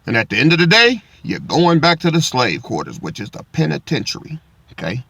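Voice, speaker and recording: Profane bright-voiced man ranting. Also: on the high side, very animated, brisk, breathy edge, dry recording, lo-fi sound. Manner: loud, swearing, heated. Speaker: commentary streamer. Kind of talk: profane casual commentary.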